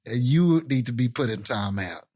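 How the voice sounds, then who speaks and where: A man's voice: mid-range voice, expressive, moderate pace, darkish tone, slightly rough. A man co-hosting a movie podcast in casual chat, laughing and teasing his co-host. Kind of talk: casual late-night chat.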